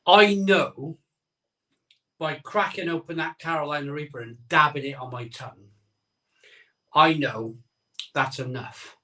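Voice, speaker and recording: A man with a bright, fairly high voice chats through his live stream, rambling and tripping over his words as his mouth burns from a hot pepper. He sounds a little off-mic, as if sitting back from it. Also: measured pace, long pauses, distant mic. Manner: rambling, self-interrupting, chatty. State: mouth burning from chili. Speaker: host of a live beer-tasting stream. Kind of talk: casual live-stream chat. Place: home room, streaming live.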